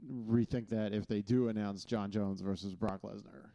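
A man's voice: fairly low pitch, fairly even intonation, normal speed, warm tone, dull audio. A man co-hosting a podcast, making his case in casual chat. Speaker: podcast co-host.

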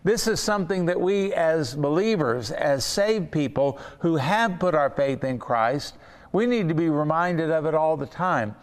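A man with a fairly high, smooth and resonant voice leads a Bible study lesson. He speaks earnestly and slows down to press home key words. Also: lively intonation, big-room sound. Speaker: Bible teacher.

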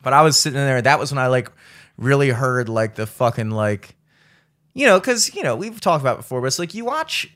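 A man hosting a podcast, spinning a travel story in loose, swear-heavy casual chat. His voice sits at an ordinary middle pitch for a man, and he leans on fillers as he rambles and jokes. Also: brisk. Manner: profane, animated storytelling with many fillers. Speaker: podcast host.

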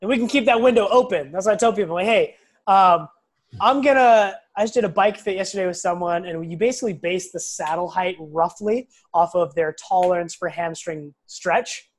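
As a guest on a podcast, a young man who works as a physical therapist talks bluntly and casually, his voice sitting high and running a little fast with few pauses. He brings stories to life by acting out quotes, swearing occasionally.

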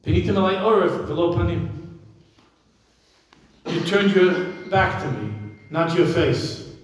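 A man, a rabbi, giving a sermon full of stories, swinging from loud emphasis to quiet asides. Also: high voice, a little slow, long pauses. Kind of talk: sermon with storytelling. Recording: echoey hall, speaker far from mic.

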